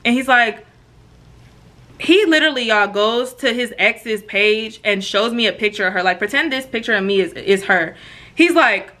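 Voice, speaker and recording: A woman with a bright, forceful voice pitched a little high tells a storytime straight to her viewers. She is animated and slangy and acts out each quote as she goes. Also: moderate pace. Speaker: storytime vlogger. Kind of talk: casual storytime addressed to viewers.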